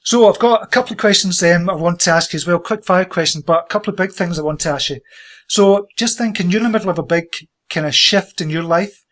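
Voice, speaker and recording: A man's voice: sits high, a bit bright. Enthusiastic man hosting an interview. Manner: enthusiastic, encouraging, quick to praise. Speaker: interview host. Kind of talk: conversational interview.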